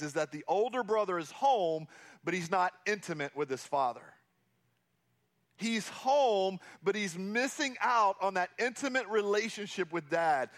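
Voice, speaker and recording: A man's voice: high-pitched, fairly bright tone. A man preaching a sermon as a pastor, earnest and repeating key phrases for emphasis.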